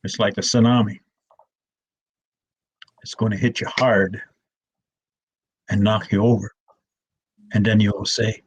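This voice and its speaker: An older man tells stories in a soft, slow voice that sits low and a little husky. He restarts and repeats himself often, speaking with the calm patience of an elder. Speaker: elder storyteller. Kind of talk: gentle storytelling talk.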